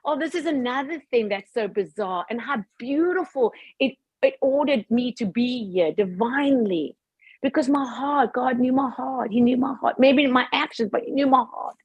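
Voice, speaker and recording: A woman on a group video call, telling a personal story in a casual, animated way, laughing often and acting out her own past thoughts. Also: sits high, normal speed, slightly rough, dry recording, muffled recording. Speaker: participant sharing a testimony on a group call.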